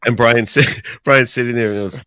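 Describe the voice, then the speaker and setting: A man in his sixties, a radio DJ as a guest, telling animated anecdotes in casual conversation. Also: medium pitch, normal speed, clean tone, no room sound, studio quality. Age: 60s. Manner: animated anecdotes with acted-out quotes. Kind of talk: casual storytelling.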